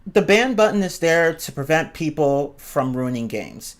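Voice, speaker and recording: A man with a somewhat high voice rants in a loose, irritated way. He swears freely, trips over his own words and keeps restarting sentences as the frustration spills out. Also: big pitch swings, a little slow. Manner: exasperated, swears a lot, stumbles and restarts. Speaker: streamer ranting about online games. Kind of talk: casual profane rant.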